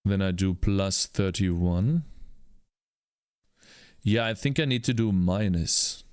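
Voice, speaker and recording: A man's voice: low voice, slow, a little mellow, clear, resonant tone, no echo, studio quality. A young man coding a game while talking to himself, muttering through problems and breaking into frustrated, swearing outbursts. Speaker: indie game developer. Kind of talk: live coding commentary.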